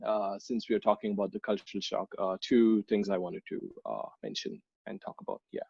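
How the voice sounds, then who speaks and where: A man's voice: on the low side, steady tone, a little fast, gravelly, darkish tone, husky, no room sound. Hesitant young man from India, muffled. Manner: hesitant, many ums and restarts. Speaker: podcast guest. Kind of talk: casual interview chat. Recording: dull, dry lo-fi sound.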